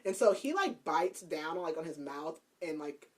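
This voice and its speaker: A woman hosting a podcast casually recaps a book's plot, chatty and laughing, saying "like" a lot. Her voice sits low and sing-song at a slightly slow pace, and she sounds a bit far from the mic.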